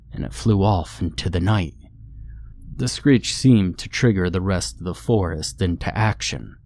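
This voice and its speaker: A man narrating a horror story in a steady, ominous storytelling manner. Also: low-pitched, dry recording. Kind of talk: scripted narration.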